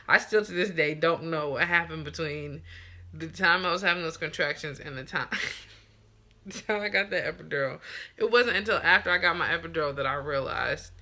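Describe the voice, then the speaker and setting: Speaking at a moderate pace in a deep voice, a young woman vlogs a personal story to the camera, lively and chatty, imitating the people involved.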